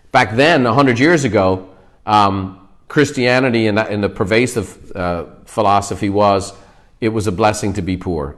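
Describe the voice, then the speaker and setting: A man leading his company, giving an emphatic motivational talk on a livestream and punctuating his points with "okay?". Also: on the low side.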